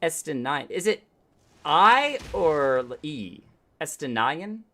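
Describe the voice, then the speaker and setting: A man's voice: mid-range voice, expressive, moderate pace, creaky, fairly bright tone. A male streamer in casual gameplay chat, playful, laughing easily and goofing on accents.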